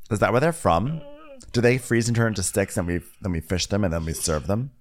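A man co-hosting a comedic podcast recap, playful and quick with mocking voices. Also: on the low side. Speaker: podcast co-host.

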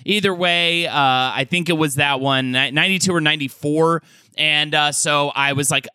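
A man's voice: on the high side, steady tone, normal speed, sharp tone, smooth, dry recording. A man co-hosting a comedy podcast, telling a rambling, jokey story with many restarts. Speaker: podcast co-host.

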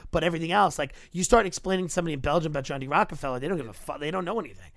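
A man's voice: on the high side, animated, racing, gravelly, no echo. A young man, rambling through comic stories on a podcast and mocking the people he talks about. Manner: rambling storyteller, acts out tourists in mocking voices. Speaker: podcast guest. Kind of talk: casual comedic chat.

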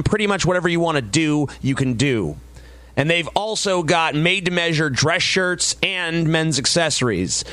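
A man with a fairly high voice reads a sponsor spot, upbeat and smooth. The sound is dry and close, with no room around it. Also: a bit bright, no room sound. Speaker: podcast host. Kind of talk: sponsor read.

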